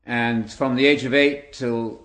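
A man's voice: mid-range voice, steady tone, measured pace, a bit bright. An older man with an English accent, a guest speaker telling wry, chatty stories about his life to an audience. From England. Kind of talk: storytelling talk to an audience.

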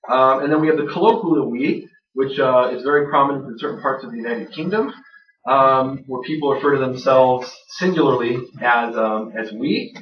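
A man's voice: medium pitch, moderate pace. A man giving a conversational lecture to a live audience, self-deprecating, with many fillers and restarts. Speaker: lecturer on biblical grammar. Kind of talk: classroom lecture with jokes. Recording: roomy, distant, dull lo-fi sound.

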